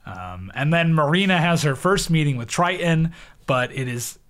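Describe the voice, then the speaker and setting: A man's voice: on the high side, lively intonation, moderate pace, a bit bright. Laughing, joking man co-hosting a podcast. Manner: joking, laughs often, sarcastic asides. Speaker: podcast co-host. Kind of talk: casual chat recapping a film.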